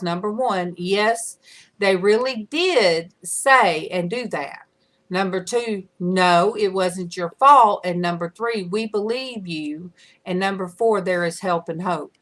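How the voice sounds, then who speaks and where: A middle-aged woman hosting a casual livestream chat, rambling with lots of fillers. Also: mid-range voice. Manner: chatty, rambling with many fillers. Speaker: livestream host. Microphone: camera mic.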